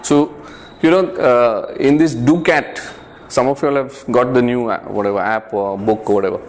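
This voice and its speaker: A man's voice: medium pitch, steady tone, normal speed. Earnest man giving a youth talk. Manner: repeats words and checks in with "yeah?" and "right?"; conversational, earnest, lightly humorous. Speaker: youth group speaker. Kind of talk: informal faith talk to a youth group.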